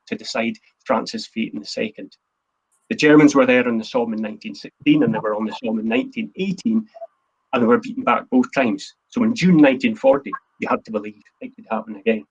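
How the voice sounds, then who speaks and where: A man's voice: medium pitch, brisk, slightly rough, highs cut off. A man, the host and a historian, giving an earnest, emphatic history talk from his notes. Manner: earnest, emphatic, quotes speeches in a plain voice.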